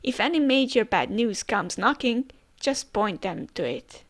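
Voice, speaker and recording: A woman's voice: a little high, big pitch swings, a little slow, exaggerated voice. A woman reading as a brash young pirate captain. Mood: earnest. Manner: boastful and blunt.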